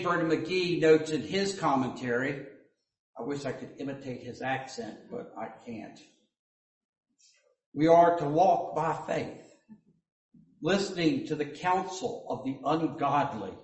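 A man preaching a sermon as pastor, slow and deliberate, with joking asides. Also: medium pitch, animated, fairly bright tone. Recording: echoey hall, mic at a distance.

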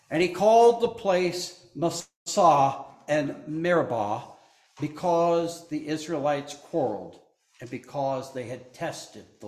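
Slow, deliberate male preacher. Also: a little high, darkish tone, roomy sound. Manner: slow, deliberate delivery with asides to the congregation. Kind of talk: sermon with scripture reading.

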